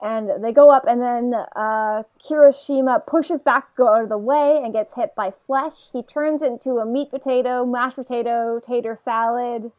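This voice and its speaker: A woman co-hosting a podcast rambles casually through a recap of an anime episode, laughing often and putting on voices to quote characters. Her voice is a little high, at a moderate pace with few pauses, and the sound is phone-quality.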